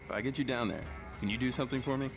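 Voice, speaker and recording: A man's voice: mid-range voice, rapid-fire, gravelly, natural voice. An actor playing a paranoid, resentful male office technician in a video game. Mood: bitter. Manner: resentful, fatalistic. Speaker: game character. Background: game music.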